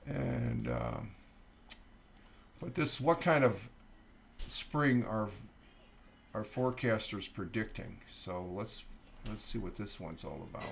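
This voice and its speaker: A man's voice: lowish voice, slow, vocal fry, pauses often, a little hiss or hum. A middle-aged man hosts a casual morning livestream from home, rambling with fillers and asides as he reads out a weather article. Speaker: livestream host. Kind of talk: casual morning stream chat.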